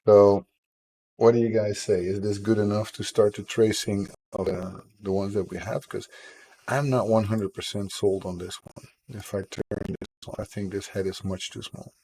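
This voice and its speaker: Male streamer, deep and husky from a sore throat, self-deprecating casual chat with viewers. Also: fairly even intonation, moderate pace, dark tone, rough recording. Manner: self-deprecating, chats with viewers while drawing. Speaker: game developer streaming his work.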